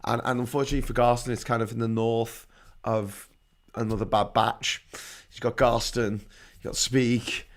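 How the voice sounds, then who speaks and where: A man's voice: medium pitch, flat delivery, normal speed. A middle-aged man from England hosting a casual livestream, reading out viewer comments and ranting sarcastically with frequent swearing. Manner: sarcastic, swears freely, laughs at own jokes. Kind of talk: casual ranting live chat.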